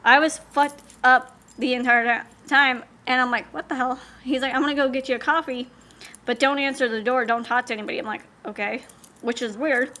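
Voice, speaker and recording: Bright, high-voiced woman telling it bluntly. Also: fairly even intonation, fairly quick. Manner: blunt, swears, acts out what people said. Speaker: vlogger sharing a personal story. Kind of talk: candid personal storytelling.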